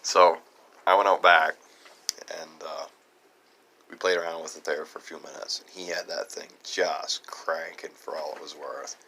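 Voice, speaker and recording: A man's voice: a bass voice, steady tone, moderate pace, vocal fry, bright, forceful tone, slight background noise. A man chatting casually in a folksy, rambling way as he tells a story for his vlog. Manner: folksy, rambling, retells conversations. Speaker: channel host, chainsaw restorer.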